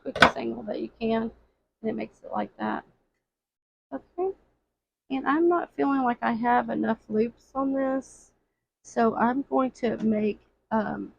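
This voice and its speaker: A woman walks viewers through making a wreath in a chatty, unhurried way, often repeating small phrases as she works. Her voice sits a bit high, with a gravelly edge. The recording is slightly dull, with faint noise behind her. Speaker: floral craft instructor. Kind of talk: casual craft tutorial. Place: craft workroom at a table.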